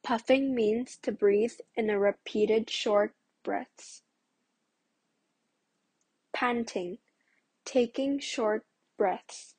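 A woman's voice: fairly high pitch, darkish tone, slightly rough, no echo. A woman co-hosting a kids' podcast reads vocabulary words and their meanings carefully. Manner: slow, careful reading. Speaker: podcast co-host. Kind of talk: reading word definitions.

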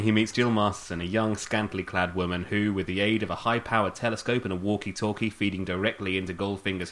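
A man's voice: lowish voice, fairly bright tone. A man hosting a podcast, recapping a film plot in a sweary, dry-humoured way. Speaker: podcast host. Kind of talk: casual film recap chat.

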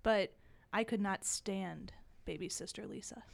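A woman's voice: mid-range voice, measured pace, vocal fry. A woman giving blunt, dry opinions in a casual podcast chat.

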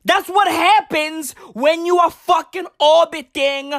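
A woman delivering a profane comedic rant to camera, full of slang like "bruv" and "fam," with sudden shouted outbursts and big leaps in pitch. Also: takes it slowly, no echo, studio quality. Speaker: comedic vlogger.

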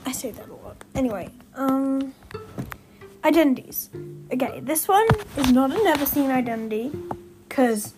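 Speaking at a moderate pace in a high voice, a young podcast host rambles through fan theories, giggling and correcting herself. She's recorded at home by a window, with music in the background and low audio quality.

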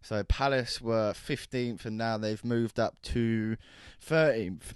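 A young man co-hosting a casual football chat, halting and repeating words as he talks. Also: mid-range voice, clean tone, dry recording, studio quality. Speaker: podcast co-host.

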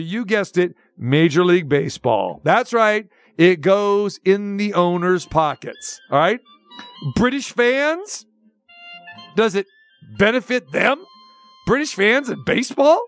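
A man hosting a sports talk radio show, ranting with sarcasm and animated energy. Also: high voice.

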